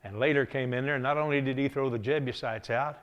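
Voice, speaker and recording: A man preaching a revival sermon, telling a Bible story in a folksy, animated way, often chuckling. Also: mid-range voice, fast, clean tone, highs cut off.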